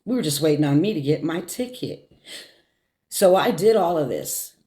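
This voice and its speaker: A middle-aged woman telling a personal story on her vlog, fighting back tears, halting and repeating words as she speaks. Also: deep voice, expressive, dark tone. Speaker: vlogger. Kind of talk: emotional story time.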